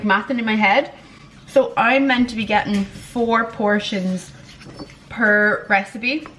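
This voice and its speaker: A woman's voice: a little high, a bit bright, slight background noise, low-quality recording. A woman vlogger talking in a casual, chatty way, poking fun at herself and swearing freely. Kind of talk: casual vlog chat.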